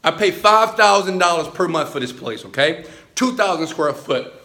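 A man giving a hyped motivational talk to his phone camera in a high-rise apartment, chanting and repeating phrases. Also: expressive, moderate pace, bright, forceful tone. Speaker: motivational speaker.

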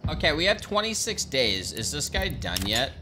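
A man's voice: on the high side, normal speed, background noise. A man streaming a strategy game live, ranting and swearing freely as he plays. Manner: profane, ranting, animated. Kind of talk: live gameplay commentary. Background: game music.

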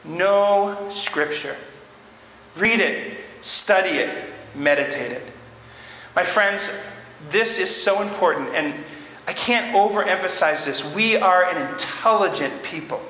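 A man's voice: sits high, slow, sharp tone. A man preaching a sermon as pastor, earnest and emphatic, driving points home by repeating short phrases. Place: church sanctuary. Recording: roomy church reverb, faint background noise.

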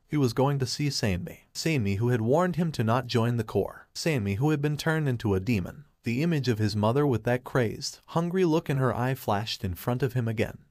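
Brief: male narrator, steady fan-fiction reading, dry close sound. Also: medium pitch, no room sound.

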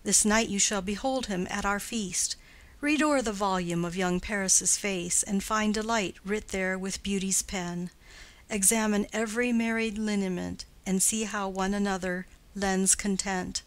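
A woman reading the part of a noble middle-aged mother who urges her daughter toward a match, reciting verse in a measured way. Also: mid-range voice, lightly acted.

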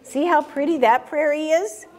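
A woman reading a picture book aloud to children in an animated way, stopping to ask them questions. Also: high-pitched, moderate pace. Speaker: storytime reader.

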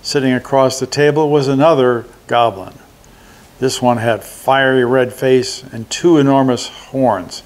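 An older man reads a children's holiday story aloud at an unhurried pace. His own voice is in a middle range, steady and deliberate between the character parts. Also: mid-range voice. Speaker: resident reading a story.

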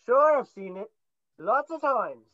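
A woman voicing a small, cheerful male teddy bear who is slightly Irish, polite, chatty and playfully growling, in a high school stage play. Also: lively intonation, measured pace, no room sound, lo-fi sound. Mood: friendly.

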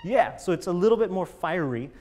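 A man's voice: high voice, expressive, fairly quick, a little mellow. A man teaching a chamber music master class, encouraging the players and singing phrases in scat syllables. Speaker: bass teacher coaching a chamber group.

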